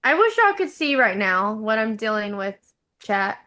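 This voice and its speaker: A woman with a fairly high voice tells a long story on a casual podcast. She rambles, drops in fillers and acts out the quotes of the people in it. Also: big pitch swings, moderate pace, pushed and bright. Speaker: podcast co-host.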